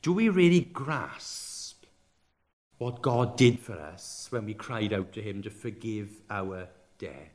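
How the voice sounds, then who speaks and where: A man preaching a sermon, expressive, swinging from loud emphatic exclamations to soft, drawn-out near-whispers and acting out the characters' lines. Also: on the low side. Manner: acts out the characters' quoted lines in the parable.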